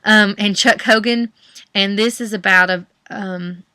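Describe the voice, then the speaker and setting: This young woman vlogs about books in a Southern US accent, her casual chat full of fillers and false starts. Her mid-range voice is pushed and bright with fairly even intonation and a measured pace, recorded cleanly without echo.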